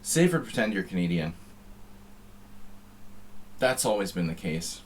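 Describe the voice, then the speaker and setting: A man's voice: low voice, big pitch swings, measured pace, a little hiss or hum. A man streaming chess, chatting in a rambling, wry, offhand way between moves. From United States. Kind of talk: casual chat while playing online chess.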